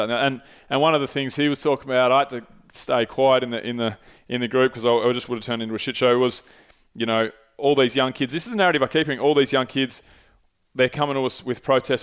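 A man's voice: medium pitch, fairly bright tone, clear, resonant tone. A man with an Australian accent hosting a podcast, talking in a loose, rambling way, swearing freely and often losing his thread. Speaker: podcast host. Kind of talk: casual chat.

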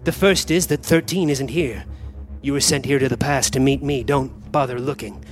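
An actor in a live stage comedy playing quarrelling versions of one male time traveler, trading quick comic banter and yelping through scuffles. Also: mid-range voice, soft background music, natural voice.

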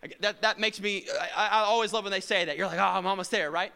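Pastor, male, very high and bright, lively storyteller who acts out scenes, echoing hall. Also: fast, vocal fry, clear, resonant tone. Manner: animated storytelling, acting out scenes. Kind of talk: sermon.

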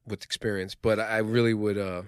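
Low-voiced earnest man. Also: flat delivery, moderate pace, clear, resonant tone, dry recording, studio quality. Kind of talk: casual podcast chat.

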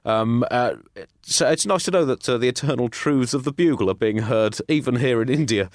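A man's voice: mid-range voice, a little fast, dry recording, studio quality. A man co-hosting a comic podcast, rambling and self-mocking, chuckling through his jokes. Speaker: podcast co-host.

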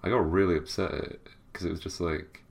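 A man's voice: deep voice, steady tone, a little fast, vocal fry, darkish tone. A young man co-hosting a podcast, chatting casually and stumbling and hesitating over his words. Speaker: podcast co-host. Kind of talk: casual chat.

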